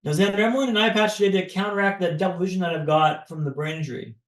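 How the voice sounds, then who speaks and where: A man from Canada, a podcast guest, telling a personal story in a dramatic, paced way with pauses. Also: high voice, a bit bright, reverberant.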